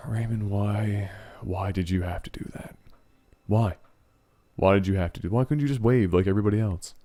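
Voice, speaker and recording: Man doing weary sighing teachers, quietly pleading. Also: fairly low pitch, normal speed, soft background music, voice pushed down, lightly acted. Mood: exasperated. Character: exasperated teachers sighing at a boy.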